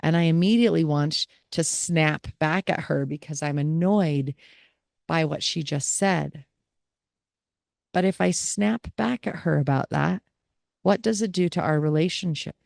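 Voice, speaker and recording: Woman host, reflective caregiver monologue, low gravelly voice, dry close sound. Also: measured pace, a little mellow, no room sound. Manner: candid, reflective storytelling. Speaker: podcast host and family caregiver.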